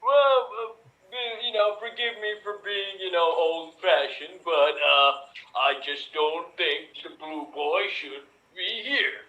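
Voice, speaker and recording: A man playing an old-fashioned cowboy gunslinger who drawls slowly and hesitantly in live improv. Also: fairly high pitch, sharp tone, echoey room, muffled recording.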